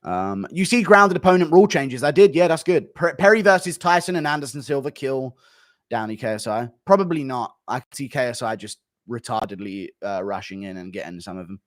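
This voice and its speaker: A man's voice: medium pitch, lively intonation, dry recording, clean studio sound. Blunt man reacting to chat. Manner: blunt, rapid-fire verdicts, dismissive. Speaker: streamer.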